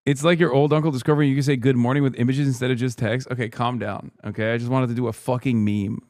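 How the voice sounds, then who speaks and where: A man's voice: mid-range voice, steady tone, quick pace, a little mellow, dry recording, studio quality. A man hosting a live stream, riffing sarcastically and with profanity as he reacts to a news clip.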